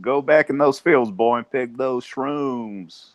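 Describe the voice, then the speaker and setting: A man's voice: mid-range voice, slow, dry recording, voice pushed up, lightly acted. A man voicing a bossy Southern US farmer ordering a boy around, in a put-on Southern drawl.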